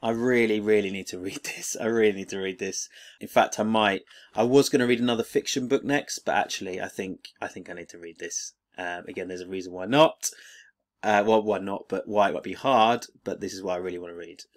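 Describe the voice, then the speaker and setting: Middle-aged male teacher vlogger, rather low voice, rambling and enthusiastic, casual chat to camera. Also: a little fast. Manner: enthusiastic, rambling with many fillers and restarts. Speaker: teacher and video creator. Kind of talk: casual unboxing vlog.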